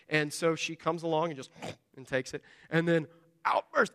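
Guy preaching, pretty high bright voice, animated, does little voices. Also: normal speed, creaky. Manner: animated, acts out voices of children and God. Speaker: pastor. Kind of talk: sermon.

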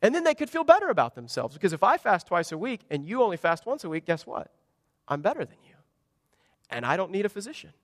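A high-voiced man preaches a sermon in a church, his delivery animated and swinging between loud and soft. The mic is close and dry, with a long hall reverb trailing behind. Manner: animated preaching with wide swings in pitch and volume. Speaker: pastor. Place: church sanctuary.

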